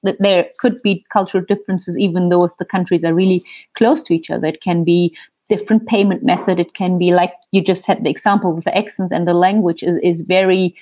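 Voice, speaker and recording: A woman speaking as an interview guest on digital marketing, talking thoughtfully and pausing to search for words. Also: lowish voice, steady tone, warm tone. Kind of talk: casual interview chat.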